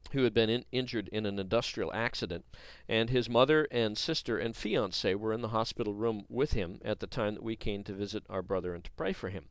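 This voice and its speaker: Low-voiced man teaching a Bible lesson. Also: no echo. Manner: earnest storytelling with frequent uh fillers.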